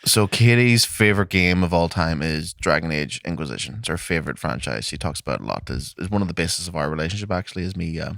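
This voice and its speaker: A man's voice: low-pitched, lively intonation, quick pace, gravelly, few pauses, a bit bright, no echo, studio quality. A man with a Liverpool accent, co-hosting a comedy gaming podcast in casual, sweary banter. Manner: sweary, laid-back. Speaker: podcast co-host.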